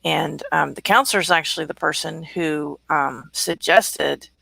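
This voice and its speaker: Gravelly, bright-voiced woman host. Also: sits low, measured pace, no room sound. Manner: relaxed, reads viewer comments aloud. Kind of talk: casual livestream chat.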